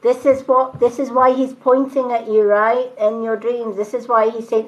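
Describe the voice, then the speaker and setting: A woman's voice: fairly high pitch, little pitch movement, normal speed, hardly any pauses, slight background noise, rough recording. A woman giving a live spiritual reading, chatty and reassuring, often repeating phrases and asking "right?". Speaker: psychic reader.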